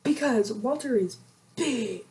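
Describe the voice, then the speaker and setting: A young woman in her twenties co-hosting a podcast, telling a gossipy story in a lively, animated way. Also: fairly high pitch, takes it slowly. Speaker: podcast co-host. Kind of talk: casual storytelling chat.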